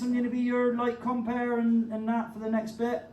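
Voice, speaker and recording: A man's voice: very high voice, monotone, normal speed, darkish tone. A male comedian hosting a village-hall gig, chatty and cheeky, swearing and teasing the crowd. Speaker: comedian and compere. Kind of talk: stand-up comedy and crowd banter. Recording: echoey hall, distant mic, crowd laughter.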